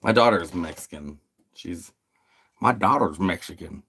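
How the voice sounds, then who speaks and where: A man from the United States with a very deep voice chats casually on his livestream. He keeps it loose and profane, often giggling as he answers viewers. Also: animated, normal speed, fairly bright tone, breathy edge. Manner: laid-back, profane, giggly, reads chat aloud. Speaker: livestream host.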